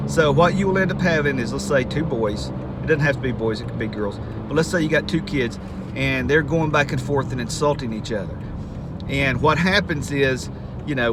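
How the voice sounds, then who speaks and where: A retired man, telling a jokey story in a casual vlog and building up to loud exclamations. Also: mid-range voice, very noisy. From Southern United States. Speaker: retired school administrator and vlogger.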